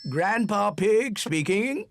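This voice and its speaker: A man's voice: expressive, takes it slowly, creaky, background noise, full character voice. A man voicing a hearty, jolly old grandfather pig in a cartoon, speaking. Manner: hearty, booming, pleased with himself.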